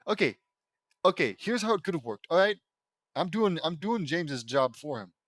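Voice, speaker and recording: A man's voice: on the high side, sing-song, fairly bright tone, dry recording. A man reading a fan fiction aloud as a comedy, breaking off for exasperated, sarcastic remarks. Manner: exasperated, sarcastic asides and quick mock voices. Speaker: reader mocking a fan fiction.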